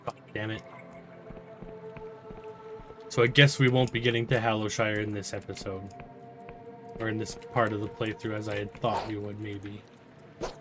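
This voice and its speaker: A man giving casual let's-play commentary, with quiet, muttered asides to himself. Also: fairly low pitch, little pitch movement, normal speed, pauses often, music in the background. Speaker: gamer playing through a game.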